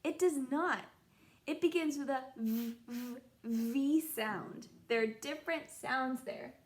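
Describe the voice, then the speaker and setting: A young woman teaching a children's phonics lesson, sounding out letters in a slow, encouraging sing-song way. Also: high voice. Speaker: kindergarten teacher.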